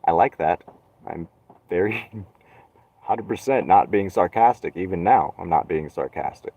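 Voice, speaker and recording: Young male streamer, lowish voice, dry sarcastic ramble with swearing, thin phone-line sound. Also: lively intonation, a little slow. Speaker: live streamer. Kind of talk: rambling solo live stream. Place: inside a van.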